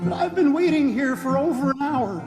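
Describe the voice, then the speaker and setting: A man voicing a tearful jilted woman leaving an answering-machine message, in a high wavering falsetto. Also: lively intonation, moderate pace. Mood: tearful, pleading. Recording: loud guitar accompaniment.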